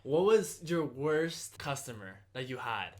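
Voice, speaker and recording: A man's voice: medium pitch, big pitch swings, unhurried, darkish tone. A young man hosting a casual podcast chat, swearing freely and calling his friend bro. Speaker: podcast host.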